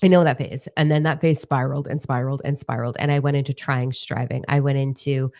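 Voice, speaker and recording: Middle-aged woman, low gravelly voice, mellow tone, blunt profane motivational monologue, emphatic repetition. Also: fairly even intonation, fast. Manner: blunt, profane and emphatic, with repeated words for stress. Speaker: motivational speaker.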